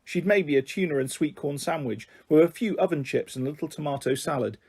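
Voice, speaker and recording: A man calmly reading a children's novel aloud as a storyteller. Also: a little high, quick pace, husky.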